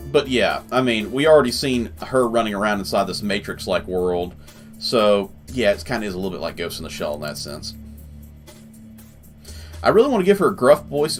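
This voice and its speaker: Chatty male let's-play host. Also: on the low side. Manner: rambling and chatty, full of fillers. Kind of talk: casual gameplay commentary, reading game text aloud.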